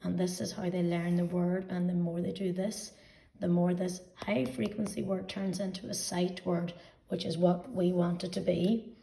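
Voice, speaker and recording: A woman teacher explaining weekly phonics homework to parents, speaking slowly and patiently and sounding out letters one by one. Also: fairly low pitch, level tone, creaky, warm tone, distant mic, slight background noise. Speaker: early-years teacher. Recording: echoey room, voice set back from mic.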